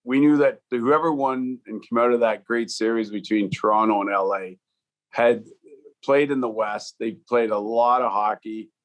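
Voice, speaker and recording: A man in his fifties, a former hockey player and coach, telling stories in an interview with a relaxed, rambling delivery and many fillers. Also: mid-range voice, moderate pace. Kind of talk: storytelling in a podcast interview.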